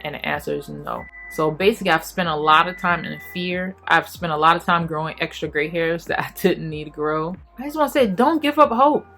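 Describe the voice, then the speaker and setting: Brief: woman in her 30s, heartfelt testimony vlog, lowish voice, faint music behind. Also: fairly even intonation. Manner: earnest, emotional, talks fast in bursts and then goes quiet. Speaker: faith vlogger. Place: home apartment while packing.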